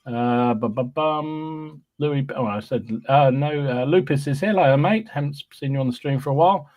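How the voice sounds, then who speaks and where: Man, podcast host, casual chat, cheerful, halting. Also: mid-range voice, darkish tone. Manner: chatty, cheerful, with frequent ums and restarts. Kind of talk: casual chat, reading out live chat greetings.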